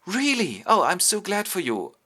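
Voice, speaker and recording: A man voicing a loyal but skeptical young nobleman friend, quick and wry. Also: fairly high pitch, huge pitch swings, bright, forceful tone, voice pushed up, heavily acted.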